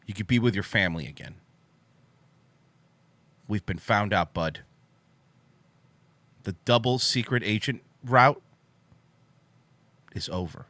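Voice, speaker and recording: A man hosting a livestream, giving a deadpan, mock-solemn monologue from a home setup in front of a green screen. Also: fairly low pitch, measured pace, long pauses, dry recording. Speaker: livestream host.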